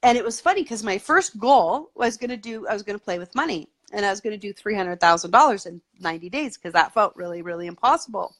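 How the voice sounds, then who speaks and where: A woman's voice: mid-range voice, animated, fast, few pauses, fairly bright tone. A woman guest in a casual interview, talking eagerly and at length, with lots of "like" and "you know.". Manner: eager, talkative, peppered with "like".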